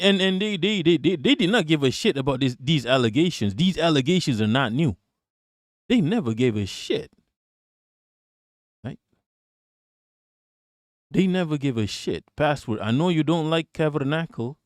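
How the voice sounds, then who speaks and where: A man with a fairly high voice does casual political talk on a live stream while reading the chat. He's blunt and profane, laughs often, and repeats himself. The recording is studio quality with no echo.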